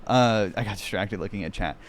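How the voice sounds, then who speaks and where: A man's voice: on the low side, fairly quick. A man streaming, reacting with sarcastic, profanity-laden mockery in casual commentary. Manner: profane, mocking, sarcastic rants.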